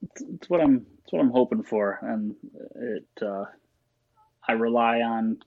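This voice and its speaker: A man's voice: medium pitch, unhurried, dry recording, phone-quality sound. A man talking as a guest in a casual interview, rambling and laughing often. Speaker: guest, shop owner.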